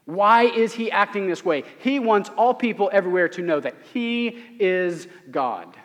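A man with a high-pitched voice delivers a sermon from a church sanctuary. He speaks earnestly and with emphasis, asking rhetorical questions of his listeners. A long reverb hangs on every phrase. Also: expressive, normal speed. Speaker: pastor.

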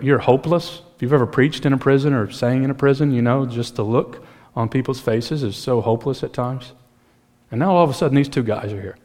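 A man preaching a sermon in an animated, conversational way, mixing in humor. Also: medium pitch. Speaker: pastor.

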